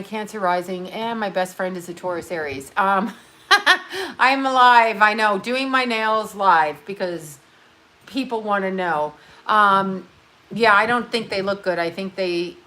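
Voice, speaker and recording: This is a woman in her fifties hosting a casual livestream and rambling as she paints her nails. Her talk is blunt and full of swearing, and it drifts from one thing to the next. Her voice sits at an ordinary middle pitch. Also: pushed and bright. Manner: blunt, profane, chatty while doing her nails. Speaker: livestream host.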